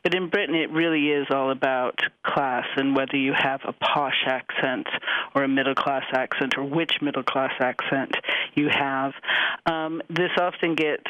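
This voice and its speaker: Higher-pitched man explaining language. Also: bright, forceful tone, no echo, highs cut off. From United States. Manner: measured, explanatory, with frequent ums and restarts. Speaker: linguistics professor, guest. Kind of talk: radio interview answers.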